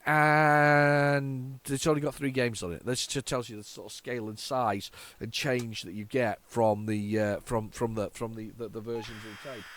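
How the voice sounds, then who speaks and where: A man's voice: mid-range voice, flat delivery, normal speed, a bit bright, a little hiss or hum. A man from the UK hosting a retro computing video, chatting nostalgically and stumbling over repeated words and false starts as he loads an old cassette. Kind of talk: casual solo commentary.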